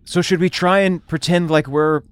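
A man's voice: a little high, fairly even intonation, normal speed, clear, resonant tone, dry recording. A man playing a tabletop game, talking in an upbeat, encouraging way. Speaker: player. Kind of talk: casual tabletop game play.

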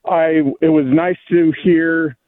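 A man's voice: a little high, flat delivery, slow pace, no room sound. A man calling in to a sports radio show from a phone while walking outdoors, ranting in a worked-up way. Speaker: caller. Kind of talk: call-in rant. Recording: tinny phone line.

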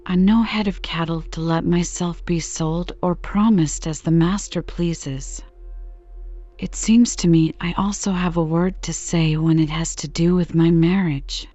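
A woman's voice: fairly low pitch, steady tone, measured pace, dark tone, faint music behind, close to an everyday voice. A woman reading the part of a proud, defiant young village woman, firm and pleading, on a slightly dull recording.

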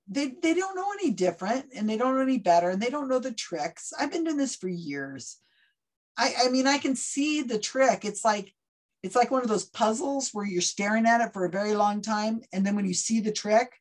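A woman with a somewhat high, husky voice talks in a relaxed interview. She is animated and slips into other people's voices as she explains her point. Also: normal speed. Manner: animated, acts out quoted voices mid-story. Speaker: guest skeptic of psychics. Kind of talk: conversational interview.

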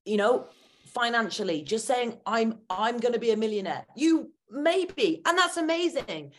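A woman's voice: on the high side, lively intonation, a little slow. A woman talking as a guest in a podcast interview, a confidence trainer who speaks in an earnest, encouraging coaching tone.

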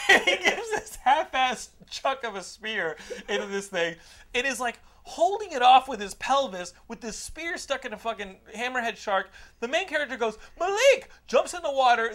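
A man's voice: extremely high pitch, bright, forceful tone. A man hosting a casual podcast, telling a rambling, profane story with frequent laughter and restarts. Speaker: podcast host giving a movie recommendation.

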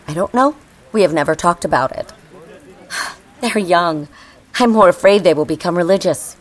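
A woman speaking as a parent in a discussion, earnest and gentle. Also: lowish voice, lively intonation, moderate pace.

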